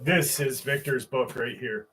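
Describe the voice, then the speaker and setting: A man's voice: medium pitch, measured pace, fairly bright tone, slight background noise. A man hosting a live stream, reading out viewer comments in loose, chatty, sometimes profane talk, often laughing.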